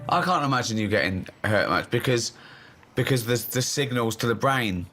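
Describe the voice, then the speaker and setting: A man's voice: mid-range voice, expressive, normal speed, bright, forceful tone, faint music behind. A man hosting a casual podcast chat, mocking and teasing in his banter. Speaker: host.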